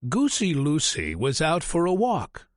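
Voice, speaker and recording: A man reading a children's story aloud in an expressive, deliberate way. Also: fairly high pitch, dry recording, clean studio sound. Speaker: narrator. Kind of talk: storybook read-aloud narration.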